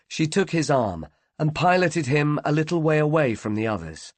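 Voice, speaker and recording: Expressive male audiobook narrator. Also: on the high side, normal speed, hardly any pauses, dry recording. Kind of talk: scripted narration.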